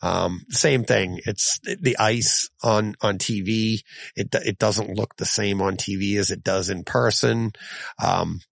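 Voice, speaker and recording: Low gravelly-voiced man hosting a podcast. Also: slow, no room sound. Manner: rambling, self-correcting, chuckles often. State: voice going hoarse. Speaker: podcast host. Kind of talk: casual solo podcast reading listener mail.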